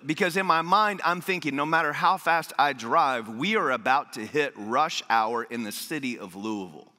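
A man's voice: medium pitch, moderate pace, hardly any pauses, long reverb tail. A man in his thirties, a pastor telling a funny story in a sermon, acting out what people said. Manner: animated, humorous storytelling with acted-out quotes. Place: church auditorium.

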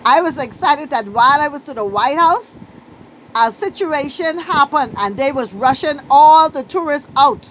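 A woman's voice: high-pitched, animated, normal speed, slight background noise, low-quality recording. A middle-aged Bahamian woman with a Bahamian accent, telling a story to camera in a casual vlog and repeating phrases for emphasis. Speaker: vlogger and poet.

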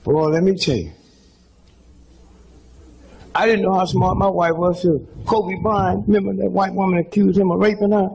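A man's voice: high-pitched, fairly even intonation, moderate pace, vocal fry, long pauses, darkish tone, a little hiss or hum, poor audio. A man in his seventies doing stand-up storytelling for a live audience, folksy and rambling, with frequent asides like "huh?". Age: 70s. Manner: folksy, rambling storytelling with asides like "huh?" and "you know what I'm saying?". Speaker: comedian.

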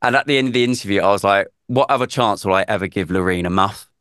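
A man's voice: lowish voice, fast talker, clear, resonant tone, no echo, studio quality. A man, a radio presenter, chatting casually on a podcast and acting out the people in his stories. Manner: animated storyteller, acts out quotes. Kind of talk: casual chat, storytelling.

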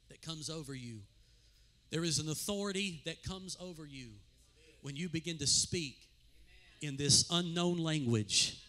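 A man preaching a sermon as pastor in a church, with impassioned, repetitive phrasing that swings between loud declarations and hushed appeals. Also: a little high. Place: church sanctuary.

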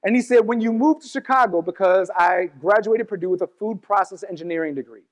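In a church sanctuary, a man with a very high voice preaches a testimony sermon, darting through quick asides and then slowing right down to stress key lines. His voice rings out with a long reverb trail.

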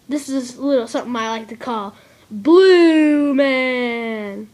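A woman's voice: high-pitched, slow, a little mellow. A young woman making a playful vlog, giggling, joking and doing goofy sound effects. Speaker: vlogger. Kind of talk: playful photo booth vlog.

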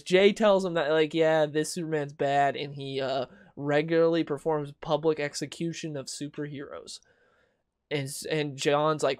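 A young man rants in a casual, sarcastic way, slipping into mocking quoted voices now and then. His voice sits a bit high for a man. The recording is dry and close, with no room sound. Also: fairly even intonation, normal speed, clear, resonant tone, dry recording. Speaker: comic book video host. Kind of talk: casual opinion commentary.

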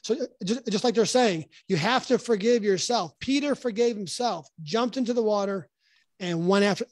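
A man teaching from the Bible in a casual podcast chat, earnest and halting with many restarts. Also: sits high, no room sound. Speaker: podcast guest.

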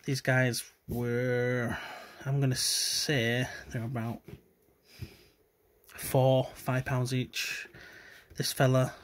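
A man giving subdued, self-deprecating commentary while opening trading cards, with low-key delivery and trailing hesitations. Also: level tone, very slow, long pauses. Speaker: card collector vlogger. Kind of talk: casual card-opening commentary.

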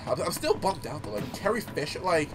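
A man's voice: a little high, very animated, normal speed, over music. A man giving casual gameplay commentary, telling stories animatedly, swearing and laughing often. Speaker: gaming YouTuber.

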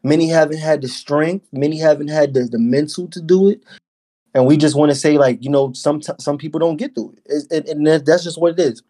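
A man's voice: a little high, fairly even intonation, brisk, warm tone. A man hosting a casual podcast interview in an easygoing, encouraging way. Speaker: podcast host.

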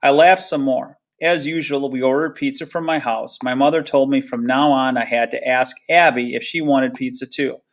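A man reading a novel aloud chapter by chapter. His storytelling is steady and plain, pitched in an ordinary middle range. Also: moderate pace, few pauses. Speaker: reader.

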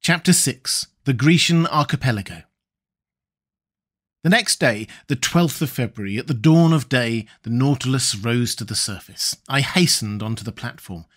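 Here a male audiobook narrator takes on a classic adventure novel. His pitch is medium, his pace measured and steady, and everything he says follows a script.

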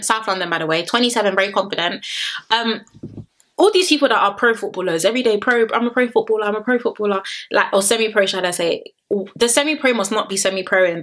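A woman vlogger reviews a reality show in a casual, chatty voice. She is animated and playful and stretches words out for effect. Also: mid-range voice.

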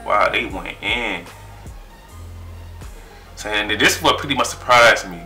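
A young man in his twenties, chatting excitedly in a casual vlog and trailing off as he reads his results aloud. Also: fairly low pitch, normal speed, long pauses, over music. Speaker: vlogger.

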